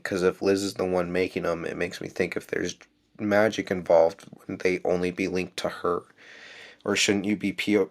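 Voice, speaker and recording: A man casually recapping a book chapter and musing aloud with questions about it. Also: low-pitched. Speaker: book discussion host.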